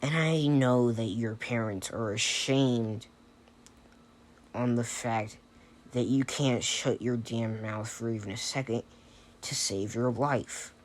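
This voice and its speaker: A man's voice: medium pitch, slow, lightly acted. A man voicing a cold, scornful teenage boy hero who cuts others down with insults. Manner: contemptuous, cutting insults.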